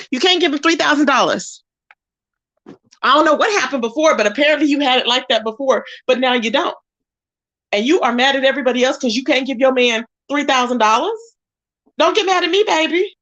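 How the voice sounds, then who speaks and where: A woman with a high voice chats on her livestream. She reads the chat out loud and roasts a rival with sass. She drawls pet names like baby and boo between her jabs. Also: lo-fi sound. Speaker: livestream host.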